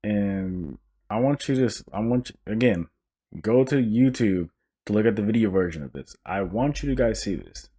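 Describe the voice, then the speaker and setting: A young man hosting a casual solo podcast, ranting in an animated, profane and joking way, often restarting his sentences. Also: on the low side, moderate pace, husky. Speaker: podcast host.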